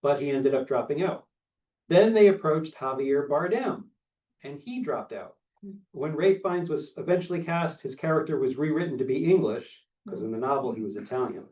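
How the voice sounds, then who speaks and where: A man's voice: fairly high pitch, expressive, normal speed, far from the mic. A man hosting a casual film discussion group, chatty, with many fillers and restarts, heard over a muffled video-call recording. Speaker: discussion host.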